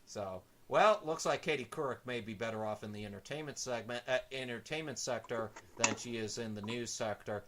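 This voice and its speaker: A man's voice: medium pitch, fairly quick, few pauses, fairly bright tone. A man hosting an online news show, chatting with his co-host and signing off the program in a folksy way. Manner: folksy, chatty, announces the lineup. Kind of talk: show host banter and sign-off.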